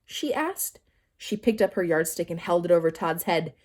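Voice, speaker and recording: A woman narrating a children's novel aloud in a lively storytelling manner. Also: lowish voice, a little fast. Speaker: audiobook narrator.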